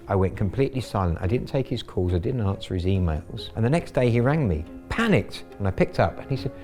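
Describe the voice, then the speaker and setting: A middle-aged man recounts how he strung a con artist along, wry and gleeful. His voice sits on the low side. Faint music plays underneath. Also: expressive, fairly quick, few pauses, darkish tone. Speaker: scambaiter. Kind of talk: storytelling interview.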